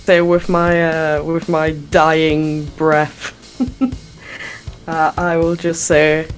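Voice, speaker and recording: A woman playing in a tabletop role-playing game, reacting to the action with slow, profane outbursts. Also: sits low, level tone, faint music behind. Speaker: player.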